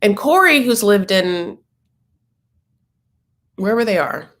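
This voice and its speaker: A man sits cross-legged at home giving casual, campy commentary on a reality show and calling his viewer honey. He speaks slowly in a high-pitched, expressive voice that's a bit bright.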